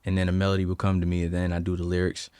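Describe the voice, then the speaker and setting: Deep-voiced young man with a slight Southern drawl. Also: completely flat delivery, racing, a little mellow, clear, resonant tone, no room sound. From Delaware, USA. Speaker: musician guest. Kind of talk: casual interview answers.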